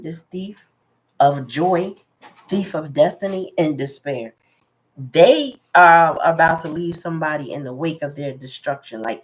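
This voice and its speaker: A woman's voice: sits low, slight background noise, poor audio. A woman giving a casual live tarot reading, musing aloud and greeting her viewers. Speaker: tarot reader.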